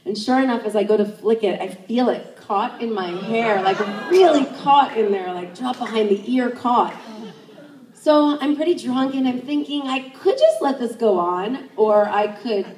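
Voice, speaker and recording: A young woman tells a personal story, her slightly high voice leaping up whenever she acts out her own thoughts. She sounds set back from the microphone, in a reverberant room. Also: moderate pace. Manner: animated, acts out her own inner thoughts in jumps of pitch. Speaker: sex educator. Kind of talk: live first-person storytelling. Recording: roomy, distant stage mic.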